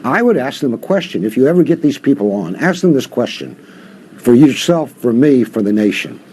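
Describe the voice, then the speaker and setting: A man's voice: medium pitch, sing-song, a little fast, darkish tone, a little hiss or hum. An older man, a professor guest, giving impassioned interview commentary full of rhetorical questions.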